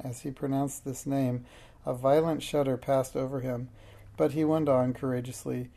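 A man narrating a children's storybook in a steady, plain reading voice. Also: mid-range voice, moderate pace, vocal fry.

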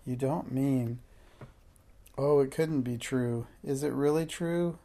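A man reading aloud, voicing an eager, wide-eyed young girl in a raised, breathless voice with a gravelly edge. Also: medium pitch, slow pace, dark tone. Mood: excited.

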